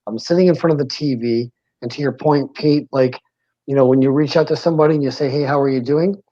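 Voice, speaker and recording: A man's voice: medium pitch, fast talker, mellow, no room sound. A man in his forties, a podcast co-host, talking earnestly and reflectively in a casual panel chat and speaking openly about his feelings. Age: 40s. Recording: dull lo-fi sound.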